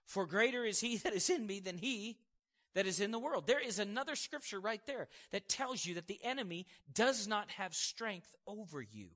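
A man's voice: high voice, animated, normal speed, fairly bright tone, big-room sound. A man preaching a sermon in an emphatic, conversational way, with casual asides to the congregation.

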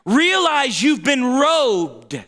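A man preaching a sermon in an animated, emphatic way, with playful asides. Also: very high-pitched, drawn-out words.

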